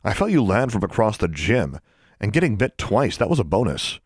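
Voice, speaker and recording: A man's voice: lowish voice, big pitch swings, normal speed, slightly rough, no room sound, studio quality, pitched above the performer's own voice. A man voicing a wry, teasing teenage boy wizard.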